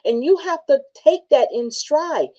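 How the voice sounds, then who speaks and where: A woman hosting a motivational talk show, reading from her book and telling personal stories in a casual, animated way with frequent laughs. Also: high voice, a little slow, dull audio.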